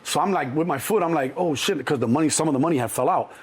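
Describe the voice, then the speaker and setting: A middle-aged man, telling stories as an interview guest in a lively, profane way and acting out other people's voices. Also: very fast, few pauses, breathy edge. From Chicago. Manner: animated, acts out other people's voices in a higher pitch, profane. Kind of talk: storytelling in an interview.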